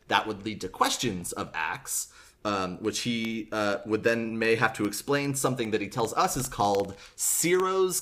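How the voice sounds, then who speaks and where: A young man, a podcast host, casually retelling a book and acting out the characters' lines in quick asides. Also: fairly low pitch, a bit bright.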